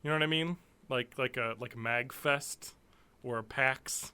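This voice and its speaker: A man's voice: mid-range voice, measured pace, bright, forceful tone, clear, resonant tone. A man in his thirties co-hosting a podcast, talking casually and animatedly, swearing and laughing often. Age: 30s. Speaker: podcast co-host. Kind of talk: casual chat.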